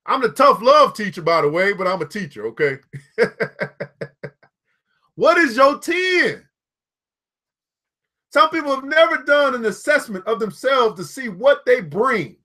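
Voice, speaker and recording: A man's voice: very high voice, animated, a little slow, long pauses, sharp tone. A man giving a motivational live talk to viewers, preachy and repetitive, calling out people by name and chuckling at his own jokes.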